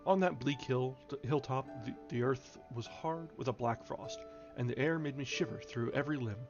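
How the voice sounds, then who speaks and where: A man reading a classic novel aloud on a stream, at a measured pace with occasional stumbles and restarts. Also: mid-range voice, dull audio, over music. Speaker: reader, streamer.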